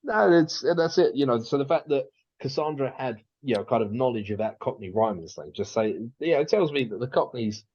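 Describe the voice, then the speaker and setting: A man's voice: medium pitch, expressive, fairly quick, darkish tone, husky, muffled recording. A man co-hosting a podcast, chatting casually and rambling with lots of restarts and fillers. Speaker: podcast co-host.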